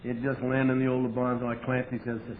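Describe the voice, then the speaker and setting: A man telling his story at a recovery meeting, wry and profane, with sudden loud outbursts. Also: mid-range voice, monotone, brisk. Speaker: AA meeting speaker. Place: meeting hall with audience. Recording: tinny lo-fi 1988 tape with faint hiss.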